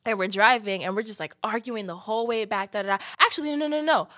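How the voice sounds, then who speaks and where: A woman's voice: medium pitch, fast. A young woman tells a dramatic, profane story in casual storytime style. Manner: dramatic, profane, animated, slips into shrieking quotes. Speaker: vlogger.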